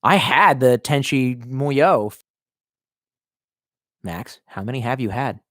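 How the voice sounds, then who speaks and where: This live streamer in his thirties speaks slowly and expressively, his medium-pitched voice a bit bright. He responds to viewer comments in a rambling, profane, self-mocking way, with clean studio sound and no room noise.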